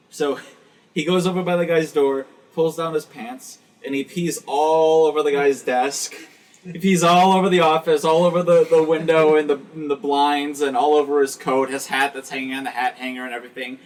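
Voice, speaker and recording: A man's voice: a little high, fairly even intonation, moderate pace. A young man hosting a casual podcast, telling a long joke with many fillers and quizzing his friends. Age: young adult. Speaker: podcast host. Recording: distant mic with faint hiss.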